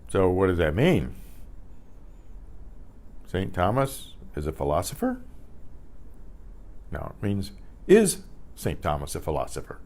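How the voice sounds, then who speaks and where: An older man leads a beginner Spanish lesson at an unhurried pace, his voice sitting a little low. He spells words letter by letter, repeats them patiently, and pauses to clear his throat and correct himself. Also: huge pitch swings, a little mellow. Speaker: Spanish teacher.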